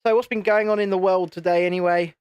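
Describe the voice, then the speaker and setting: This British man from the United Kingdom, in his late thirties, hosts a YouTube live stream and chats in a rambling, self-interrupting way as he builds. His high voice is fast and a little mellow, with a clean tone and fairly even intonation. The audio is studio quality with no echo.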